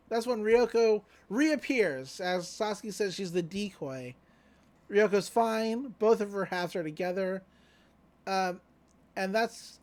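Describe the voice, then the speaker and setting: Podcast host, casual recap, laid-back, filler-heavy, mid-pitched. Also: a little mellow. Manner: laid-back, loose retelling with many fillers and offhand quotes.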